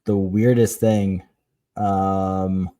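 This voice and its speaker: A man's voice: low voice, flat delivery, drawn-out words, warm tone. A man co-hosting a casual podcast, with a dry, teasing way of talking. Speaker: podcast co-host.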